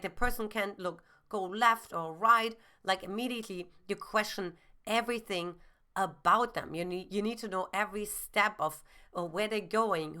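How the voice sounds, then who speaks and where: A woman's voice: medium pitch, pushed and bright. A woman giving relationship advice as a dating coach, earnest and explanatory, with frequent "you know" fillers.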